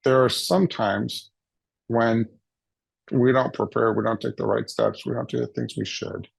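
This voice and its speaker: Slow, gravelly male storyteller. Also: medium pitch, steady tone, no echo. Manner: playful, acts out quoted voices. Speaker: summit speaker. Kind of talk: humorous personal storytelling talk. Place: recorded for a virtual summit.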